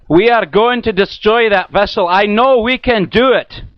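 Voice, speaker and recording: A man's voice: a little high, sing-song. A man doing a fierce defiant sea captain. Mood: commanding. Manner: slow, loud commanding shouts. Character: fierce, defiant male ship captain in battle. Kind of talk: storybook character voice. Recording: tinny, thin dry recording.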